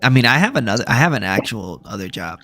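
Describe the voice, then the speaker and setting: A man's voice: medium pitch, very animated, fast, fairly bright tone, slight background noise. A man hosting a casual group chat on a headset, laid-back and joking. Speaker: stream host.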